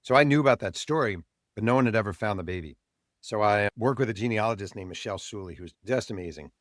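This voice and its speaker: Man, low voice, dry close sound, animated storyteller, author guest on an interview. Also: quick pace, no room sound.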